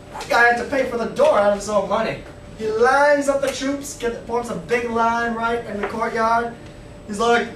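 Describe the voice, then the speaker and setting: A young man telling a family story casually and animatedly, pointing out people in photos. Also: sits high. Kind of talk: casual spoken storytelling with pictures. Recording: echoey room, distant mic, noisy.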